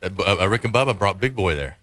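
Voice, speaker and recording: Bright-voiced male co-host in his forties. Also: low-pitched, expressive, fast talker, no room sound. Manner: chiming in with short reactions and memories. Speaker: radio co-host. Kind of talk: casual on-air banter.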